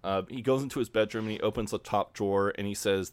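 A man, co-hosting a casual podcast chat, laid-back and quick to swear and laugh. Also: lowish voice, steady tone, clean tone, no room sound. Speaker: podcast co-host. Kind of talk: casual chat recapping a TV episode.

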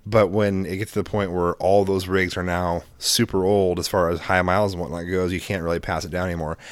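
Low-voiced man chatting casually. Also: flat delivery, brisk, no echo. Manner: rambling, filler-heavy, casually profane. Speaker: podcast co-host. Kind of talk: casual chat.

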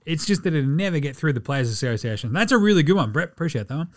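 A man's voice: on the high side, expressive, fast. An Australian man hosting a sports podcast in casual chat, profane and ranting, laughing often. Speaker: podcast host.

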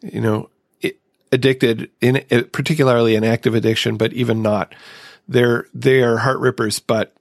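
Gravelly-voiced man hosting a podcast. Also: mid-range voice, steady tone, normal speed, dry recording, clean studio sound. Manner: reflective, personal sharing. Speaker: podcast host. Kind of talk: casual recovery podcast chat.

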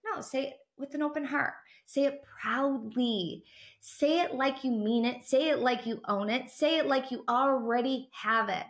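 A woman's voice: sits high, normal speed, a bit bright. A woman hosting a motivational podcast, speaking in an upbeat, encouraging way straight to her listeners. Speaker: podcast host. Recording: roomy echo.

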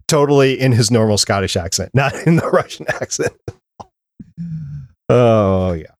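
A man's voice: mid-range voice, expressive, slow, no room sound, studio quality. A man hosting a casual fan podcast, chatting with enthusiasm and wrapping up the show. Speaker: podcast host.

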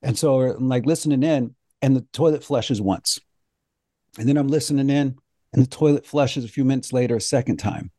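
A man hosting a health talk show, telling a funny story in a joking, animated way. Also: medium pitch, fairly quick, no echo, clean studio sound. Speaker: host.

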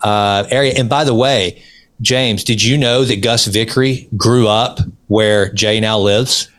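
A middle-aged man co-hosting a casual podcast, telling personal stories and film scenes with lively energy. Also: lowish voice, measured pace. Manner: animated storyteller. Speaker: podcast co-host.

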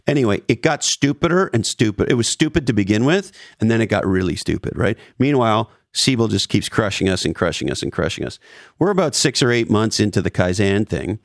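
Gravelly, low-voiced man telling stories. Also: a little fast, no echo, studio quality. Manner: profane, animated storyteller who mimics others. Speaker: guest, former marketing executive. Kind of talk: casual podcast storytelling.

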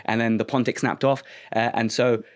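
A man hosting an interview, himself a dentist, talking in a quick, supportive, chatty way. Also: mid-range voice, level tone. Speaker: dentist host. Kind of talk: conversational interview.

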